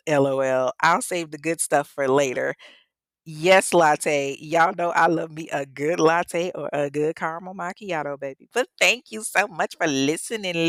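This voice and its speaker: A woman's voice: sits low, dry recording, studio quality. A young woman hosting her podcast, reading listener reviews in a chatty, slangy way with laughing asides. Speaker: podcast host.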